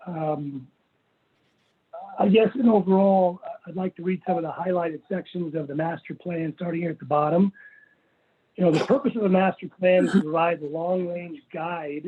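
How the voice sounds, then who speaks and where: A man with a somewhat high, husky voice makes his case at a public hearing, reading passages aloud in a methodical, earnest way. His voice comes through a thin, phone-like video-call line. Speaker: property owner applicant. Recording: phone-like virtual meeting audio.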